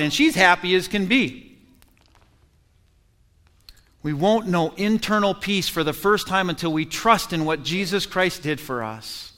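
Bright, high-voiced preacher in echoey hall. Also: male voice, smooth. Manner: earnest, building emphasis with repeated phrases. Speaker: pastor. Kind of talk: sermon.

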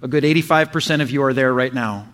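A man preaching a sermon to his church, telling a story with animated sound effects. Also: medium pitch, quick pace. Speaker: pastor.

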